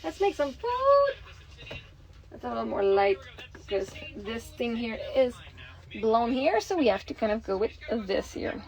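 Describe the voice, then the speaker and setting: A woman's voice: on the high side, normal speed, a little mellow, low-quality recording. A woman, a mother, chatting casually to the camera at home in a rambling way with lots of fillers. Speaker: mother and vlogger. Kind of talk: casual home vlog chat. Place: home kitchen.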